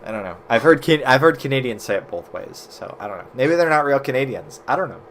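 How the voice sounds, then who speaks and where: A man's voice: mid-range voice, expressive, fast, slight background noise. Chatty American man streaming games. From United States. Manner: chatty, swears casually, reacts loudly to the game. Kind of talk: casual gaming commentary.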